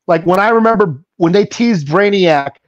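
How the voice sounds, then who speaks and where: High-voiced man, dull lo-fi podcast sound. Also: moderate pace, no room sound. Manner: laid-back, short agreeing interjections. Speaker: podcast co-host. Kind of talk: casual chat.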